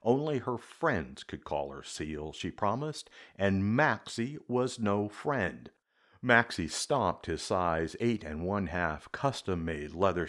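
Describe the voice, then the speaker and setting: A man hosts and narrates a scripted story with a measured, dramatic delivery. His voice is very deep but moves lively in pitch, and he takes his time over each phrase. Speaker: host and narrator.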